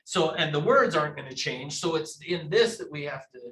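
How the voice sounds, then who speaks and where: Guy teaching a real estate class, kinda high voice, acts stuff out, echoey room. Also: a little fast. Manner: animated, acts out examples. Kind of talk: live training class. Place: training room.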